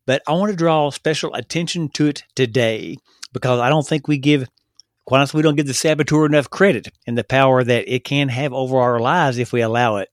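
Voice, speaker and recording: Guy doing a solo podcast, gets excited and trips over words, dry close mic, pretty average pitch. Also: brisk, dry recording. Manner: earnest, excitable, with frequent stumbles and restarts. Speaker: podcast host. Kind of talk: solo motivational podcast talk.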